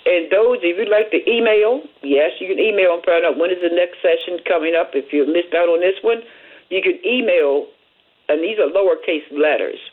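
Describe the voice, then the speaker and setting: A woman hosting a community radio show, reading announcements in a folksy way and chatting with listeners as she repeats phone numbers slowly. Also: lowish voice. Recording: tinny phone-like radio audio.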